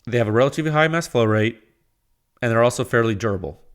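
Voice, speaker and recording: A man's voice: mid-range voice, expressive, fast. A man hosting a podcast, talking in a casual, rambling monologue with exasperated rants, frequent laughter and quoted asides. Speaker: podcast host.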